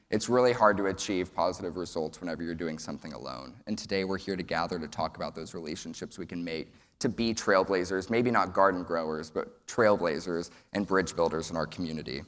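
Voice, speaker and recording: Deep-voiced young man in a hall. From Texas. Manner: earnest, storytelling with folksy joke delivery. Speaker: student speaker. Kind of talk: prepared speech at a summit. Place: large event hall. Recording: long hall reverb.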